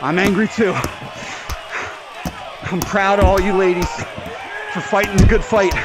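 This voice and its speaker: A man's voice: high voice, fairly even intonation, a little slow, a loud crowd. Breathless, cursing man boxing in VR. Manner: profane, angry ranting with shouted outbursts. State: out of breath from exercise. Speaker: VR fitness vlogger. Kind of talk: ranting while playing a VR boxing game. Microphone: VR headset mic.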